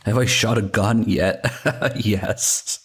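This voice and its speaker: A man's voice: lowish voice, fairly even intonation, slow pace, slightly rough. A man in his thirties with an Italian accent, wry and chatty as he comments on his game and laughs often. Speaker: game streamer. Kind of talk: casual gameplay commentary. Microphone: desk mic with compressor. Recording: game music behind.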